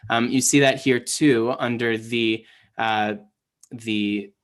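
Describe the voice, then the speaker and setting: A man's voice: mid-range voice, steady tone, slow pace. Casual young man teaching Hebrew. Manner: casual, many fillers and restarts. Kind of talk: online lesson, explaining.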